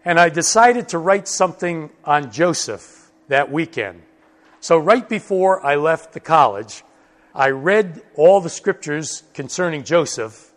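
A man teaching a Bible study lesson, slow and emphatic, repeating key words for stress. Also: on the high side, expressive, fairly bright tone. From United States.

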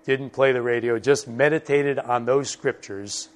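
A man's voice: medium pitch, fairly even intonation. Emphatic male Bible teacher. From United States. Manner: slow, emphatic, repeats key words. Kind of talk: recorded Bible study lesson.

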